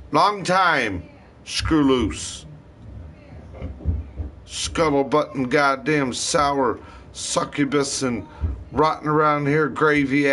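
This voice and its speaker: Man, cursing rant, rambling, very slow delivery, a bit high-pitched. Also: fairly bright tone. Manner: cursing constantly, disjointed and rambling. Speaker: vlogger. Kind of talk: rambling profane rant to camera.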